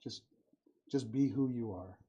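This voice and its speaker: A man's voice: medium pitch, a little slow, slightly rough, muffled recording. A middle-aged man hosting a casual talk show, telling stories and acting out the voices of the people in them. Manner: warm storytelling, acts out quoted voices. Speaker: podcast host. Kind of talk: casual conversation.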